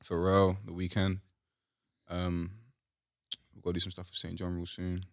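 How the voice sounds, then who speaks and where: Gravelly man, laid-back. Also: sits low, monotone, measured pace, no echo, clean studio sound. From Britain. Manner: laid-back, slangy, laughs easily. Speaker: guest musician. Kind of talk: casual interview chat.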